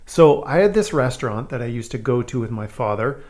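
A man from Saskatchewan, Canada, telling a childhood story on a podcast, self-mocking and animated. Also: medium pitch, brisk. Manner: animated, self-mocking, acts out scenes in loud voices. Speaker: podcast host. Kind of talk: casual storytelling.

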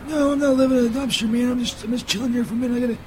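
A man's voice: very high-pitched, steady tone, racing, a loud crowd, poor audio. A man playing a drawling stoner radio sidekick who squats in a dumpster, calls everyone "man" and turns belligerent, in a comedy sketch. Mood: stoned, defensive.

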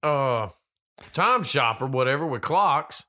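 A man's voice: medium pitch, expressive, slow pace, sharp tone. A man co-hosting a casual movie-review chat, riffing sarcastically and swearing freely. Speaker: podcast co-host.

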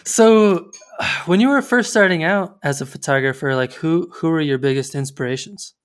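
A man's voice: on the high side, moderate pace, clean tone. A man hosting a casual interview chat, friendly and full of "like" and "um". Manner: friendly, uses "like" and "um" a lot. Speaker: podcast host.

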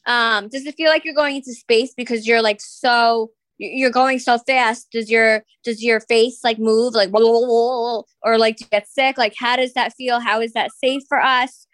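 Blunt teasing woman, higher voice, dry. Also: steady tone, fairly bright tone, no echo. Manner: blunt, teasing, quick comebacks. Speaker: podcast host. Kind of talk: casual chat.

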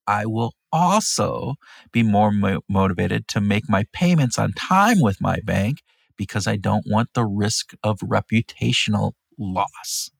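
Man, podcast co-host, husky, gravelly, playful teasing, casual chat. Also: on the low side, animated, a little slow, no room sound, studio quality. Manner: playful, teasing with mock amazement.

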